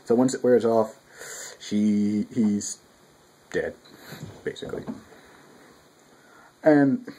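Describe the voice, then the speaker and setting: A man's voice: fairly low pitch, slow, pauses often, slight background noise, rough recording. A young man reviewing a manga chapter in a casual, rambling, profane way, at home with his cat nearby. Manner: profane, rambling, animated quoting.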